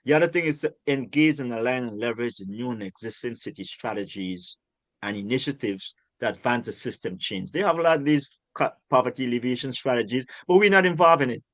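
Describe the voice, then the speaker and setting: Older man from Guyana, interview guest; passionate, emphatic, repeats himself for stress; medium pitch, dry recording. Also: fairly quick, a bit bright, no echo. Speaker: urban farmer and guest. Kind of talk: conversational interview.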